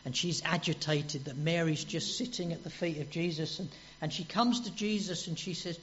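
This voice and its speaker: A man with a high voice preaches a sermon. He is earnest, repeats his words and asks his listeners questions. The recording is dull and lo-fi, with mains hum underneath. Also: moderate pace, hardly any pauses, fairly bright tone.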